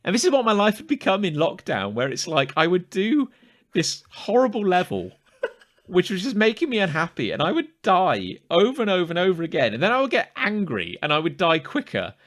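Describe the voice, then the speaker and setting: A man's voice: high-pitched, huge pitch swings, normal speed, a bit bright. A man co-hosting a podcast, telling a story in casual chat with laughs and exaggerated self-pity. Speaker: podcast co-host.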